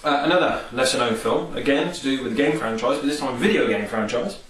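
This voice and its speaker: A man's voice: mid-range voice, quick pace, fairly bright tone, far from the mic. A man chatting casually and enthusiastically about favourite film scenes, rambling with many fillers. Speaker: vlogger. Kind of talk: casual film and game review. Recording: echoey room, off-mic, faint hiss.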